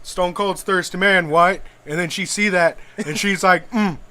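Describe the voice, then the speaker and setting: A man doing a brash shouting wrestler. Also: sits high, fairly even intonation, measured pace, crowd noise. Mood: rowdy. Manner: shouting "what?" after every phrase. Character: brash beer-chugging male wrestler persona.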